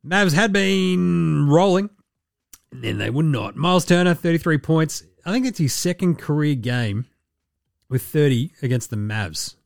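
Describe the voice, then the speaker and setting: A man's voice: on the high side, expressive, unhurried, creaky, no echo, clean studio sound. A man hosting a podcast, running through sports results in a loose, joking, sweary casual chat. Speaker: podcast host.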